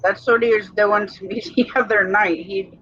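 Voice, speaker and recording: A man's voice: high voice, steady tone, moderate pace, bright, forceful tone, slightly rough. A man co-hosting a livestream, chatting casually and teasing a friend with frequent laughs. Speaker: livestream co-host. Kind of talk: casual chat. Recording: dull lo-fi stream audio.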